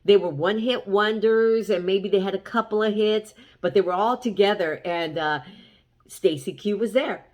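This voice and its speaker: A woman's voice: mid-range voice, normal speed. A woman chatting to the camera as she tells a story, animatedly quoting what everyone said. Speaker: vlogger. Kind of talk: casual storytelling.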